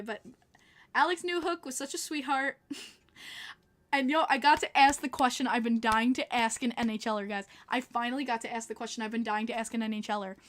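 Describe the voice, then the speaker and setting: On her podcast, a young Long Island woman tells stories in a casual, bubbly way, frequently breaking into laughter. Her voice sits on the high side with a fairly bright tone.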